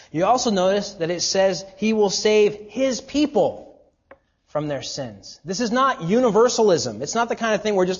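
Husky-voiced preacher with high, emphatic delivery. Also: male voice, dull audio. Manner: earnest preaching with emphatic rises and hushed drops. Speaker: pastor. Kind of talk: sermon.

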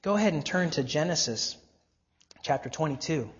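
A man preaching a sermon, asking the congregation questions and slowing right down to stress key phrases. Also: a little high, lively intonation. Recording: dull lo-fi sermon recording.

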